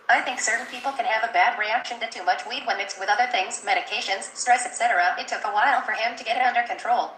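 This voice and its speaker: A woman's voice: medium pitch, a bit bright, a little hiss or hum. Woman reading comments in an echoey room. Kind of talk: reading viewer comments aloud.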